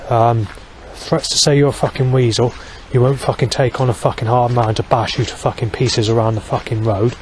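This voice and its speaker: A man's voice: medium pitch, flat delivery, brisk, hardly any pauses, a little mellow, slight background noise. Rambling, sweary man. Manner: rambling and heavily sweary, with many fillers and restarts. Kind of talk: rambling monologue vlog.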